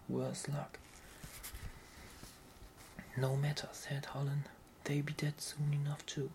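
A narrator softly whispering a fantasy novel aloud in whispered role-play, slow and even. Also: mid-range voice, vocal fry, a little hiss or hum, rough recording.

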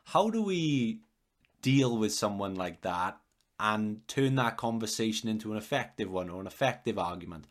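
Low-voiced podcast host asking questions. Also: male voice, lively intonation, moderate pace. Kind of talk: casual interview talk. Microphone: video call.

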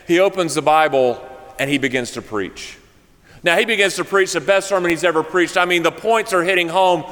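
A man's voice: fairly high pitch, brisk, a bit bright. A male pastor delivering a sermon, telling a joke story and then speaking earnestly. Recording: long hall reverb.

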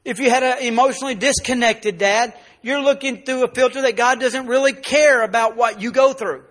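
A male pastor preaching a sermon, telling a personal story and dropping soft and low in the emotional parts. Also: fairly quick.

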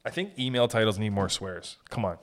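A man's voice: on the low side, a little fast. A man in his thirties with a Canadian accent and a stuffy nose, riffing in a rambling, profane, jokey podcast monologue. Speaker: podcast host. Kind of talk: casual comedic monologue.

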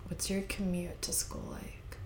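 A woman's voice: on the low side, completely flat delivery, unhurried, a little mellow, in a whisper. A young woman interviewing a friend, laid-back, sleepy and teasing. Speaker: guest interviewer. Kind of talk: casual chat.

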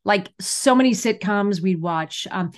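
A woman from California, a comedian guest, telling stories in an animated, chatty way during an interview. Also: medium pitch, a little slow. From California, USA. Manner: animated, chatty storyteller who acts out quotes. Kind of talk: casual interview storytelling.

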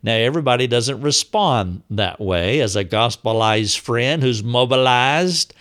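A man teaching on a devotional podcast, speaking slowly and with care. His pitch rises and falls freely as he lays out each point and puts questions to his listeners. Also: lively intonation, a bit bright. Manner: measured, reflective, poses questions to listeners. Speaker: podcast host teaching on faith.

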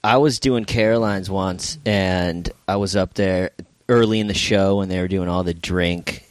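A man chatting casually about stand-up gigs, in a relaxed way. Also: sits low, unhurried, dry recording. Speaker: comedian, podcast guest. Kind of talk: casual chat.

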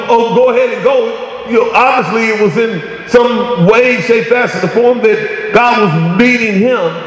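A man preaching a sermon, talking conversationally and then rising into emphatic bursts. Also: high-pitched. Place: church sanctuary. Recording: very echoey hall.

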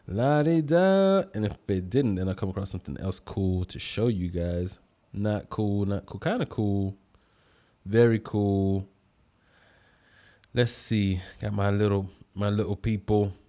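A man's voice: lowish voice, warm tone. A man hosting a casual livestream, upbeat as he greets viewers by name and drifts into rambling asides. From United States. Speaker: livestream host.

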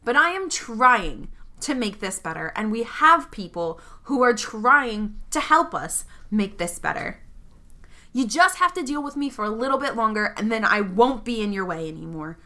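A woman's voice: on the high side, expressive, normal speed, bright, forceful tone. A woman voicing her young female character in a tabletop game, an earnest leader who apologizes and then confronts. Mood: remorseful.

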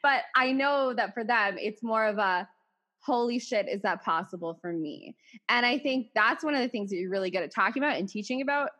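A woman with a Canadian accent hosts a podcast in a bubbly, chatty way. Her voice sits a little high, and she laughs often while acting out what people said. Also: fast talker, hardly any pauses, pushed and bright. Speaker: podcast host. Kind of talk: casual podcast chat.

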